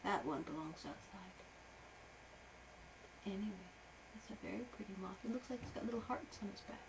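A woman improvising a story for a young child at home, animated, with playful sound effects and soft asides. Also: medium pitch, moderate pace, vocal fry, noisy background.

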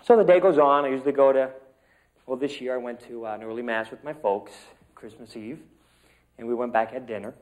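A man's voice: medium pitch, brisk. Guy in acting class rambling through a story, casual, lots of ums. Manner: rambling, chatty, with fillers. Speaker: acting student. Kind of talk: telling a personal story in class.

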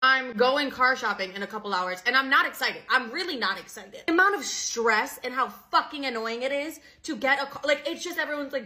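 A woman's voice: on the high side, moderate pace. A young woman ranting bluntly to camera in a casual storytime vlog, swearing often and talking animatedly. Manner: blunt, heavily profane, animated. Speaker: vlogger.

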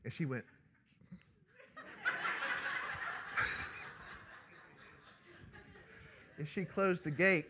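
A male pastor, preaching a sermon and telling a personal story in a lively, conversational way. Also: fairly high pitch, a little fast, few pauses, heavy background noise.

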